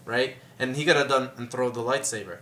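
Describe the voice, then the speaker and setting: A man's voice: medium pitch, steady tone, fairly quick, pushed and bright. A man co-hosting a podcast, chatting about a movie in a laid-back way with crude jokes and lots of agreeing. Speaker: podcast co-host. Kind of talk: casual movie chat.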